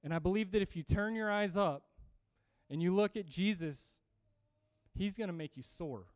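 A man preaching a sermon to a congregation, energetic and emphatic, reading scripture and often repeating himself. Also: sits high, normal speed, smooth, no room sound. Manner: energetic, emphatic, with restarts and humor.

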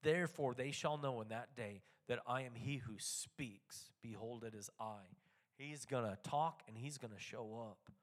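A man reads scripture aloud during a sermon and unpacks it in casual language, rising from hushed reading to loud, fired-up proclamation. His voice is mid-range and unhurried.

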